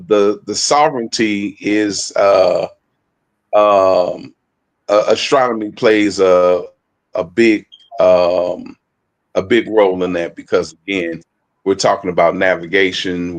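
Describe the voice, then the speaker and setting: Male co-host, low voice, halting delivery full of fillers, phone audio. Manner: halting, many fillers and restarts. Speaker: co-presenter. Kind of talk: casual online discussion.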